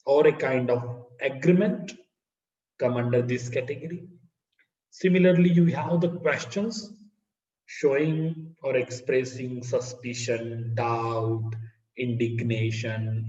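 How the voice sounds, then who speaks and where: A man with an Indian English accent giving an online phonetics lecture in a slow, deliberate teaching manner. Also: medium pitch. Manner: slow, deliberate teaching with lively rising and falling intonation. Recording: roomy, dull sound from a distance.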